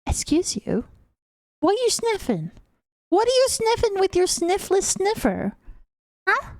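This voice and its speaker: A young woman with a British accent chats with her stream viewers in a high, bright register, greeting them and giggling often. She takes her time and lets each thought unfold. Her voice is close and dry on a desk mic, with almost no room sound. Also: wildly swooping pitch, a little slow, dry recording. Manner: chatty, giggly, greets chat members. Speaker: VTuber streamer. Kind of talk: casual live-stream chat with viewers.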